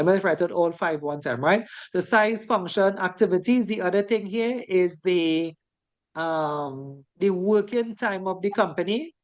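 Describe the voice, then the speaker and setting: A woman's voice: fairly low pitch, darkish tone. A woman from the Caribbean with a Caribbean English accent, teaching a safety course in a chatty classroom lecture style and ending many sentences with "right?".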